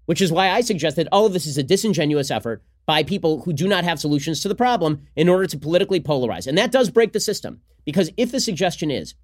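Male podcast host, sarcastic and combative, rapid-fire delivery, slightly high voice. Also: expressive. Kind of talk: fast solo political commentary.

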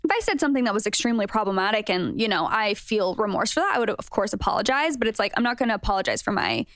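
A woman's voice: mid-range voice, big pitch swings, very fast, fairly bright tone, no echo. Blunt, opinionated young woman, dry close mic. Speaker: podcast guest. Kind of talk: casual chat.

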